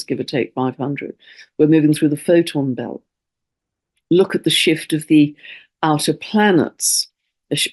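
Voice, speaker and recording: A woman's voice: deep voice, darkish tone. A woman astrologer talking in a casual spoken monologue, earnest and rambling, often restarting her sentences and at times stirred up with emotion.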